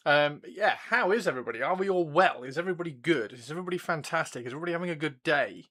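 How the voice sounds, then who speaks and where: Male streamer, bright voice, rambling and giggly, chatting to viewers while he works on models. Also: fairly high pitch, lively intonation, racing. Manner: chatty, repeats himself, laughs often. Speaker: livestream host. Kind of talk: casual chat while building models.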